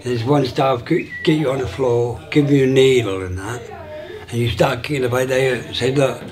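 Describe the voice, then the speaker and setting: A man in his sixties tells his life story in a casual, halting way, with many restarts and fillers, and acts out remembered dialogue. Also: medium pitch, steady tone, crowd noise. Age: 60s.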